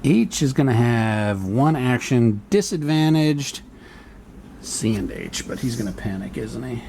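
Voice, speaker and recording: A man plays a solo board wargame, muttering his thoughts and reading the rules aloud as he reasons through each turn. His medium-pitched voice is expressive and unhurried, a little mellow with some vocal fry, over slight background noise.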